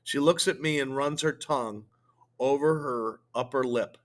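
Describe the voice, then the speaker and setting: A male teacher reading a novel aloud to his students, slowly and expressively, with filler words. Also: mid-range voice, fairly bright tone.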